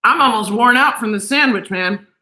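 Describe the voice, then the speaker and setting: A woman's voice: fairly high pitch, normal speed, pushed and bright, roomy sound, low-quality recording. A woman talking casually to camera in her home kitchen, gushing and emotional as she eats. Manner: gushing and emotional, talks while eating. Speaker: cooking vlogger.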